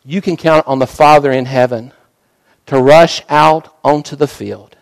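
A male pastor preaching a sermon through a story, dramatic, swinging from fervent bursts to hushed, softer passages. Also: on the high side, fairly even intonation, measured pace, vocal fry, no room sound, rough recording.

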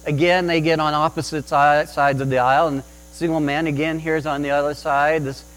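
A man with a somewhat raised pitch, preaching a sermon to a congregation. He tells stories and often repeats words as he restarts a phrase. A low electrical hum sits faintly under the recording. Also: level tone, brisk, fairly bright tone, low-quality recording. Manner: restarts often, tells anecdotes with acted quotes. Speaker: pastor.

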